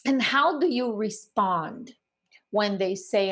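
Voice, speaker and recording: A woman coaching real estate agents in an energetic, emphatic teaching talk, full of rhetorical questions. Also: medium pitch, slow. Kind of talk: instructional talk to the camera.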